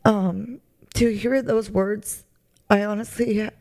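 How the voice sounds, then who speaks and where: Woman, testimony interview: gravelly, dark tone, halting and emotional. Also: medium pitch, steady tone. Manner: halting, searching for words, many fillers. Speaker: charity recipient sharing her testimony. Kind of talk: heartfelt personal testimony.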